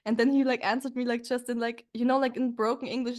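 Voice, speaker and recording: A woman's voice: a little high, steady tone, fast, hardly any pauses. A woman hosting a dance podcast, chatting casually and rambling with lots of filler words. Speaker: podcast host. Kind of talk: casual chat.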